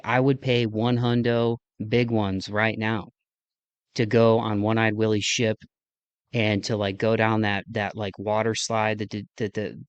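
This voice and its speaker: A podcast host with a Midwestern American accent rambles enthusiastically through a casual solo outro, poking fun at himself. His voice sits on the low side, with no echo.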